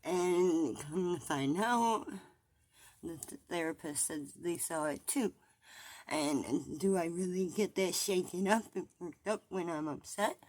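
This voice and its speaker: Slow, low-voiced woman confessing on her vlog. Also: darkish tone, no echo. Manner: halting, repeats herself, trails off. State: distressed. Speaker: vlogger.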